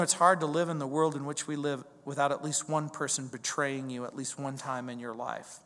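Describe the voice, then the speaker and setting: A man preaching a verse-by-verse sermon in a conversational, animated way, building emphasis through repetition. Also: a little high. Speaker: pastor. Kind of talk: expository sermon. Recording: long hall reverb.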